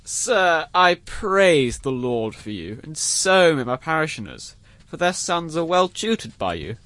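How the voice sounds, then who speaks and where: An actor playing a fawning, earnest country curate who recites verse. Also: male voice, fairly high pitch, measured pace, no echo. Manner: flattering, earnest. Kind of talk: stage acting in verse.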